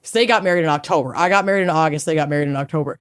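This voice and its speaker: A woman's voice: low voice, very fast, clear, resonant tone, no room sound, studio quality. A woman, co-hosting a podcast in playful, rambling casual chat. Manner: chatty, playful, rambling stories. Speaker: podcast co-host.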